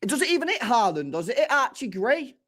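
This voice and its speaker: A young man streams his reaction to a football match. He is excitable and slangy, cursing and shouting at the screen, with a very lively, swooping pitch. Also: fast. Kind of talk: live stream reaction commentary.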